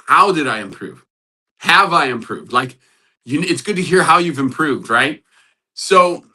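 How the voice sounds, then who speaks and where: A man giving relationship coaching, animated, often laughing and acting out what spouses might say. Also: mid-range voice. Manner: animated, acts out spouses' lines; laughs often while talking. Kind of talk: coaching talk.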